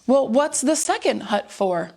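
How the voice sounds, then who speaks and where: Inquisitive sea captain, slow questions, played by a woman with a high voice. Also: lively intonation, vocal fry, a little mellow, exaggerated voice. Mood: curious. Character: curious male ship captain.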